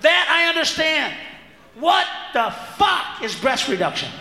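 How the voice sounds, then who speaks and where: A man performing a crude, ranting stand-up routine live, shouting at the audience. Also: extremely high pitch, very animated, unhurried. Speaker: stand-up comedian. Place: large venue with audience. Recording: roomy live recording with crowd and noise. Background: audience laughter.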